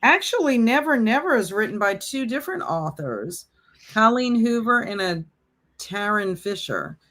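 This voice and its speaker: A woman's voice: a little high, sing-song, moderate pace, a bit bright. Chatty woman hosting a reading stream. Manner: chatty, mock-dramatic dismay. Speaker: livestream host. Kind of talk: casual chat on a reading stream.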